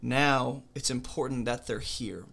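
Bright-voiced man teaching a Bible study. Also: mid-range voice, steady tone, a little slow, vocal fry.

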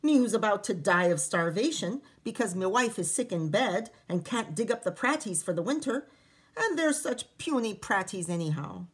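A woman's voice: mid-range voice, animated, normal speed, breathy edge. Woman doing a whiny lazy farmer. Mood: indignant. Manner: whiny and boastful. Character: lazy, self-pitying Irish peasant man.

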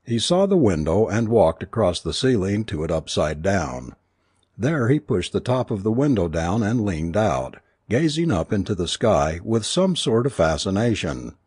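A man reading a story aloud with measured, expressive narration. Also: on the low side, slightly rough, no echo, studio quality. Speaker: audiobook narrator. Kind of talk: scripted narration.

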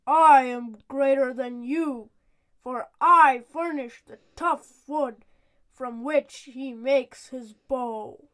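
A woman's voice: high voice, very slow, voice pushed up. A woman reading a storybook and voicing a stubborn, proud male ash tree that refuses to give way. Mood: stubborn defiant. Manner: defiant, firm.

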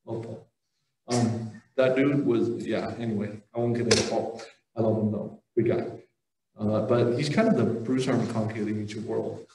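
A man's voice: fairly low pitch, fairly even intonation, normal speed, dark tone, distant mic, slight background noise. A man giving a casual, joking religious talk at a conference and taking audience questions, with many fillers and restarts. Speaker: conference speaker. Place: conference hall. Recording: roomy hall audio, voice heard from afar.

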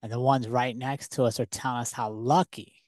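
A man hosting a podcast, telling a personal story in a lively, conversational way full of rhetorical questions. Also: mid-range voice, moderate pace, no echo, studio quality. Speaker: podcast host. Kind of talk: casual storytelling monologue.

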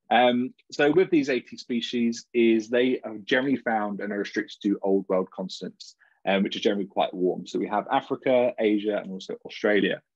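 A man's voice: lowish voice, dry recording. Jokey British man giving a talk. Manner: informal and jokey. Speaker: PhD student presenter. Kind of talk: academic conference talk. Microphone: video call. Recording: dull, dry video call audio.

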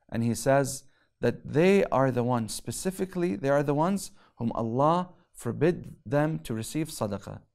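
A male religious lecturer giving a theology lesson, reciting Arabic quickly and explaining in English with emphatic pauses. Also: mid-range voice, gravelly, a little mellow.

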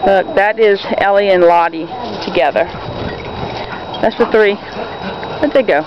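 Shooting a casual home video in her yard with a handheld camera, a woman speaks unhurriedly, calling and cooing to her dogs in a high sing-song voice and talking to viewers. Loud barking fills the noisy background of the dull, lo-fi recording.

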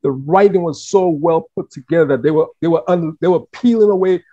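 A man from the Caribbean hosting an interview, animated and talkative, often repeating words as he thinks. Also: on the high side, brisk, dry recording. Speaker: host. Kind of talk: casual interview chat. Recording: dull, dry lo-fi sound.

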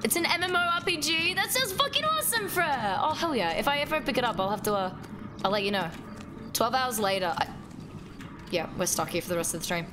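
Excitable swearing woman streamer. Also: high voice, fast, noisy background. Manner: excitable, swears a lot, talks to chat. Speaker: livestreamer. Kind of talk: casual gameplay livestream chat.

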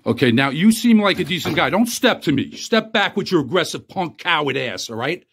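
A man's voice: fairly high pitch, very animated, fairly quick, gravelly, fairly bright tone, a little hiss or hum. A middle-aged man in a post office lobby, filming on his phone and arguing in a combative, insulting, repetitive way. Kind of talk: heated on-the-spot argument.

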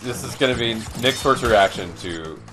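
A man's voice: medium pitch, lively intonation, moderate pace, music in the background. A young man hosting a let's play, rambling in casual gaming chat with many restarts and curses. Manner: rambling, lots of restarts and swearing.

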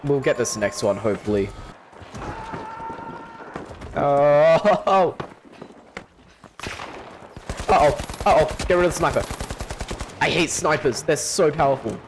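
A man commentating his own gameplay, excitable, swearing, yelping and laughing. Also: fairly high pitch, slow, pauses often, a little hiss or hum. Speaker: gaming channel host.

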